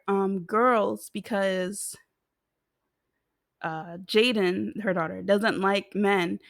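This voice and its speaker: A woman's voice: medium pitch, dry recording, clean studio sound. A young American woman giving a casual, rambling TV recap, giggling and swearing freely as she talks. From United States. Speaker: TV show reviewer.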